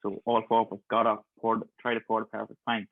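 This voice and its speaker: A man's voice: fairly low pitch, completely flat delivery, brisk, creaky, no echo. A young man in his twenties, a guest, telling stories in a chatty way and laughing through them. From Ireland. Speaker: guest, pharmacist. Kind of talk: casual storytelling. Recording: thin phone-like call audio.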